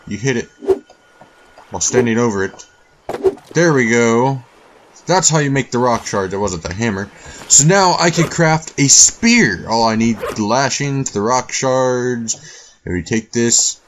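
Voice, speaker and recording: A man's voice: medium pitch, a little hiss or hum. A man doing let's-play commentary on a survival game, rambling and easily frustrated, talking to things in the game. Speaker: gaming YouTuber.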